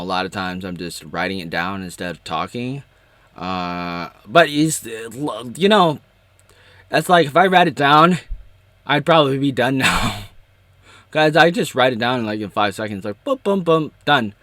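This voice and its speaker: A man's voice: medium pitch, a bit bright, no room sound. A man in a solo vlog, talking in a rambling, playful way and interrupting himself often. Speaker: YouTuber.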